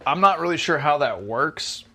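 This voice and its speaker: A man's voice: on the high side, animated, normal speed, gravelly, bright, forceful tone, a little hiss or hum. A young man co-hosting a casual podcast, who explains things at length and hedges with fillers. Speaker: podcast co-host.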